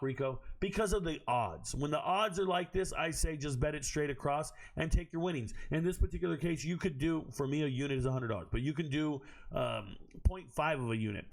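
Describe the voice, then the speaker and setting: A man hoarse from screaming, giving a blunt, profane and animated monologue recapping fights and bets as the show's host. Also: a little high. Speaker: MMA betting analyst.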